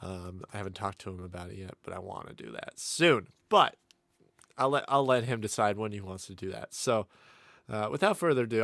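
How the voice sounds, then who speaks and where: A man's voice: lowish voice, vocal fry, fairly bright tone, no echo, studio quality. A man hosting his own podcast, chatting casually and rambling with plenty of fillers and restarts, his voice a little sick. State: slightly sick voice. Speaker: podcast host. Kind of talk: casual solo podcast chat. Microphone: studio condenser microphone through a mixer.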